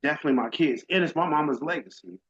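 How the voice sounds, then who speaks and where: A man's voice: fairly high pitch, expressive, rapid-fire, fairly bright tone, a little hiss or hum. Emotional middle-aged man giving testimony. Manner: emotional, faith-driven, casual and direct. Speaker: summit speaker. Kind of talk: heartfelt personal testimony. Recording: dull lo-fi audio.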